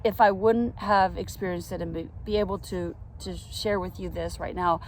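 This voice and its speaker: A middle-aged woman telling a personal faith story, outdoors in a park, earnest and reflective, with soft laughs now and then. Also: on the low side, fairly even intonation, normal speed, slight background noise.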